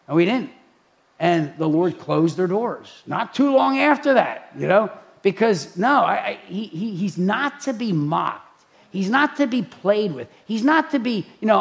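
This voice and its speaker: A man preaching in a chatty way, telling stories with lively acted-out voices. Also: high voice, a little slow, vocal fry. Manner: animated storytelling, acts out quoted voices. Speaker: pastor. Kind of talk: preaching talk.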